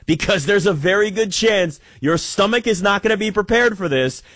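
A man, a sports commentator giving an opinionated monologue, animated and sarcastic, with frequent restarts. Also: high voice, moderate pace, dry recording, studio quality. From United States.

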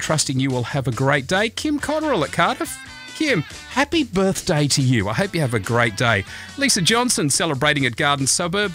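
A man's voice: a little high, bright, forceful tone. A middle-aged Australian man hosting a radio breakfast show, chatty and upbeat as he reads out birthday greetings.

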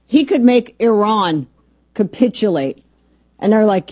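Sarcastic lady radio host riffing on the news, warm mellow voice, dry close mic. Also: medium pitch, a little slow, long pauses, no echo. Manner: sarcastic, animated, rambling asides. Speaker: radio talk show host. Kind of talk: opinionated political talk radio. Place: radio studio in Texas. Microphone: studio microphone.

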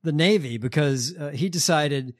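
A man's voice: on the high side, moderate pace. A man hosting a podcast in casual chat, laid-back and profane, with lots of fillers. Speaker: podcast host.

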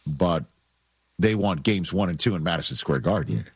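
A man's voice: sits low, expressive, normal speed, breathy edge, no echo, clean studio sound. A man with a New York accent hosting sports talk radio, making his points with emphasis and repeating them for effect.

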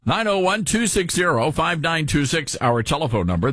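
A man's voice: fairly high pitch, very animated, moderate pace, hardly any pauses, fairly bright tone, dry recording. A man hosting a talk radio show, speaking emphatically with jokey asides in a studio. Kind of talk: talk radio commentary and read ad. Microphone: studio microphone.

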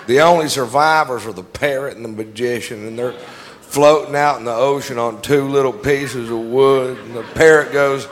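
A man's voice: medium pitch, moderate pace, a little hiss or hum. A man telling a joke to a group, rambling with hesitant fillers.

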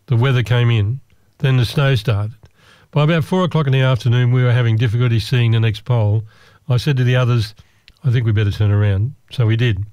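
Casting note: male raconteur, middle pitch, mellow and relaxed, self-deprecating humour. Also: brisk, clear, resonant tone, no echo. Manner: self-deprecating, wry, rambling with restarts. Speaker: storyteller. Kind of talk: personal anecdote told to listeners.

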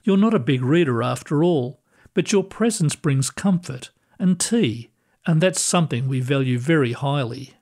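A man voicing a kindly ghostly librarian who speaks gently and reassuringly, with quiet amusement. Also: on the high side, expressive, normal speed. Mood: gentle.

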